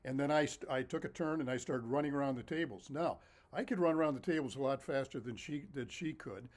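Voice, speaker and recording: A man telling a story from his own childhood in a casual way, lively and animated, often laughing as he talks. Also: medium pitch, a little fast. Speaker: storyteller and author.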